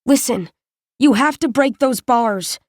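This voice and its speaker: A woman's voice: high voice, slow pace. Woman voicing a blunt, determined young heroine. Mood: firm. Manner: firm, curt, commanding.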